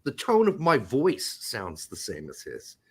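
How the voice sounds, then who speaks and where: A man's voice: medium pitch, huge pitch swings, unhurried, a loud crowd. A man hosting a podcast, trading crude, profane jokes and laughing often in casual banter. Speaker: podcast host.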